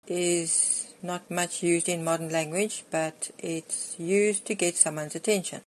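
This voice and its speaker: A woman's voice: fairly low pitch, flat delivery, measured pace, hardly any pauses, a little mellow. A middle-aged woman preaching a sermon, earnest and emphatic as she reads and explains scripture.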